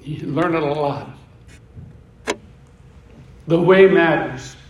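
A man's voice: on the high side, slow pace, lo-fi sound, background noise. A man preaching a sermon as pastor, in a conversational way with repetitions and asides. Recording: echoey room, voice from a distance.

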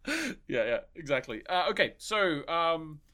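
Chatty man with a bright voice. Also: on the high side, sing-song, measured pace. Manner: rambling, swears freely, many restarts. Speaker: podcast co-host. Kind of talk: casual chat.

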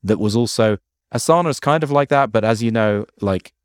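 Man, low voice, hesitant, casual podcast chat, dry close mic. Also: a little fast, clear, resonant tone, no echo. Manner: hesitant, musing, with many fillers. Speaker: podcast co-host.

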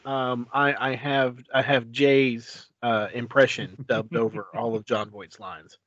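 A man's voice: mid-range voice, steady tone, slow, fairly bright tone, dry recording. A man co-hosting a podcast, explaining things eagerly with stammering restarts. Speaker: podcast co-host. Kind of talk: casual chat. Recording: dull lo-fi sound.

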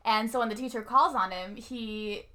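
A woman co-hosting a casual recap with a bright, fairly high voice. She talks in a loose, chatty way, stringing thoughts together with plenty of fillers and frequent laughter. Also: normal speed.

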